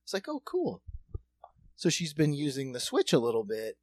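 Rambling, joking podcast dad. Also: male voice, medium pitch, expressive, brisk, darkish tone, dry recording. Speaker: podcast co-host. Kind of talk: casual chat.

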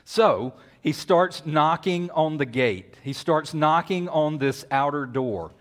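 A man preaching a sermon, telling a Bible story with lively acted-out voices. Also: on the high side, slow pace. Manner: animated storytelling with acted-out voices and whisper-yelling. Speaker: pastor.

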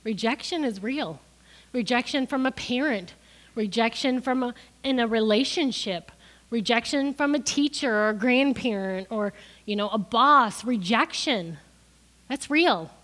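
A woman's voice: on the high side, unhurried, a bit bright. A middle-aged woman preaching a sermon, crying as she gives an emotional testimony that builds to emphatic peaks.

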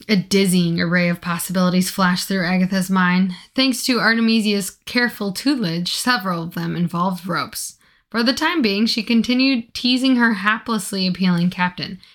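A woman's voice: lowish voice, fairly even intonation, moderate pace, a bit bright. Playful woman reading a story aloud. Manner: playful, laughing at the text. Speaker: story reader.

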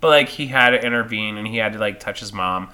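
A woman's voice: extremely low pitch, fast, clear, resonant tone. A woman co-hosting a casual chat, joking and swearing freely as she talks over a movie. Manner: profane, jokey, animated. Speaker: podcast co-host.

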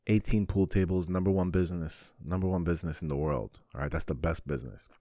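Deep-voiced guy ranting on his podcast, swears a lot, dry close sound. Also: fast, dark tone, no echo. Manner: profane, rambling, sarcastic rants. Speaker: podcast host. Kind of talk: casual solo podcast monologue.

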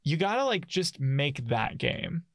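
A woman chatting casually about a video game in a lively, chatty way. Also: deep voice, a little slow, no room sound, studio quality. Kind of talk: casual gaming chat.

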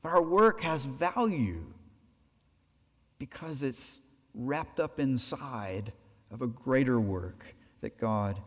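A man preaching a sermon with lively delivery, acting out little imagined exchanges as he goes. His mid-range voice rings out with a long hall reverb behind it. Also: mid-range voice, takes it slowly. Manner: animated preaching, acts out imagined dialogue. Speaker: pastor.

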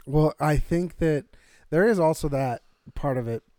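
Laid-back podcast guy, mellow smooth voice, laughs a lot. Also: fairly high pitch, a little slow, dry recording. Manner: laid-back, laughs often, throat-clearing. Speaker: podcast co-host. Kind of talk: casual chat.

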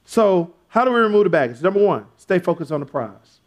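Male pastor, very high voice, sermon with call-and-response, builds to shouting. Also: sing-song, a little fast.

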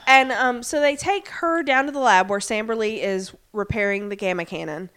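A woman's voice: medium pitch, fairly bright tone, clean tone. A woman co-hosting a casual podcast, retelling the scenes of an episode and acting out bits of the characters' lines. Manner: recaps scenes with quick acted-out quotes, lots of "um" and "like". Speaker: podcast co-host recapping a TV episode. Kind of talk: casual chat.

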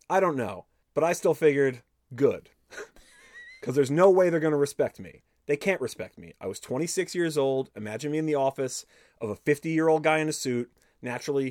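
A podcast host reads an interview aloud, full of swearing and quoted back-and-forth. His voice sits at an ordinary middle pitch, recorded dry and close with no room around it. He stops now and then to add his own remarks. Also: dry recording. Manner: animated, profane storytelling, switching between reading and commenting.

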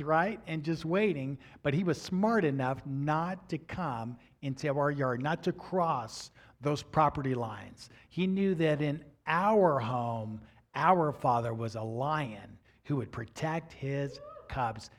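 Older pastor telling lively sermon stories. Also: male voice, a little high. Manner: animated storyteller acting out quoted voices. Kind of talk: sermon storytelling.

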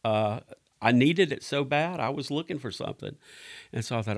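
A man's voice: mid-range voice, lively intonation. A middle-aged man, talking casually on a podcast and restarting his sentences often. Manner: halting, with many restarts. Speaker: director of ministries.

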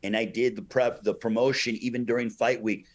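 Animated man telling a story. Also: medium pitch, fairly quick. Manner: animated storyteller, acts out quoted voices, many "you know" fillers. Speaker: ring announcer and guest. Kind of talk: storytelling in an interview.

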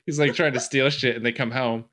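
A man's voice: medium pitch, fairly even intonation, a little fast, a bit bright. A man co-hosting a casual podcast. He jokes crudely and laughs often. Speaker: podcast co-host. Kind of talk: casual chat.

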